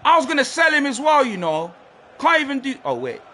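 A young man, commentating on his own football video game with excitable shouts and lots of slang. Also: very high voice, a little fast, slight background noise. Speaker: gaming streamer.

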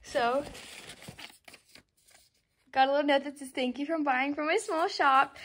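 A young woman unboxing a doll for her vlog, gushing and squealing with excitement and repeating exclamations. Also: sits high, measured pace, pauses often. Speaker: doll collector vlogger.

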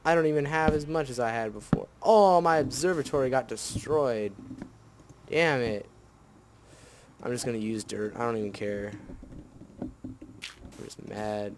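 A man's voice: medium pitch, unhurried, pauses often, background noise. A man giving casual gameplay commentary, grumbling and swearing whenever things go wrong. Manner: grumbling, easily annoyed, swears. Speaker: let's play host.

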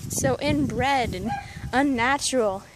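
Woman, high voice, deadpan, sarcastic, outdoor garden vlog, noisy background, dog barking. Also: takes it slowly. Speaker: vlogger. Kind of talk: casual comedic garden tour. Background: neighbor's dog barking.

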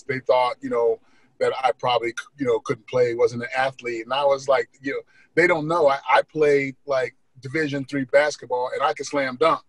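A male comedian guest telling funny stories on a podcast, lively and acting out the people in them. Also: mid-range voice, normal speed, no room sound, rough recording. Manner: lively, laughing, acts out voices. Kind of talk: animated storytelling.

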